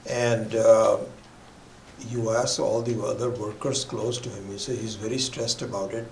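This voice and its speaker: A man's voice: lowish voice, little pitch movement, unhurried, darkish tone. A man gives a spiritual teaching in a loose, rambling way, stopping and restarting often and sometimes sinking to a near whisper. The sound is roomy and echoey, with faint ambient noise underneath. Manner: rambling, with many fillers and restarts. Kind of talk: scripture class talk.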